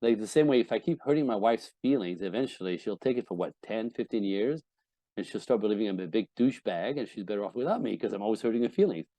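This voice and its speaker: Blunt, emphatic man with a deep, mellow voice. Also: lively intonation, fast, no echo. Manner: blunt and emphatic, swears often; acts out quoted voices of wives and husbands. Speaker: relationship coach, podcast guest. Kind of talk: candid podcast interview.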